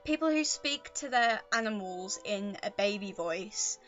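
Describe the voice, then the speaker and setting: A woman's voice: medium pitch, animated, measured pace, muffled recording. A woman talking casually to the camera at home, rambling chattily with self-deprecating asides. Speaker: vlogger. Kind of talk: casual rambling vlog monologue. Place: at home with a pet on her lap. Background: quiet choir music.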